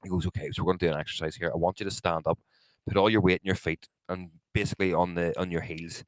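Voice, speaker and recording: A man's voice: low voice, steady tone, fast, dry recording, rough recording. A man co-hosting a podcast, telling a story with lots of swearing and acted-out quotes. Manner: swears a lot, acts out quotes, laughs often. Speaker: podcast co-host. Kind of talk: casual storytelling chat.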